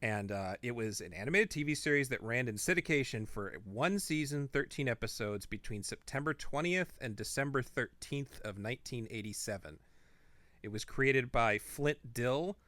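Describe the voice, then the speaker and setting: A man's voice: medium pitch, lively intonation, moderate pace, fairly bright tone, dry recording. A man co-hosting a podcast, chatting casually and rambling into asides. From not from the Midwest. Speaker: podcast co-host. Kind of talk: casual chat.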